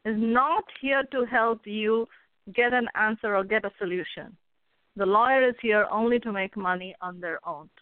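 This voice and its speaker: A woman's voice: mid-range voice, moderate pace, no room sound. A woman author and coach, the interview guest, giving earnest advice and telling folksy stories. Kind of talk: casual interview talk. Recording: phone line with faint noise.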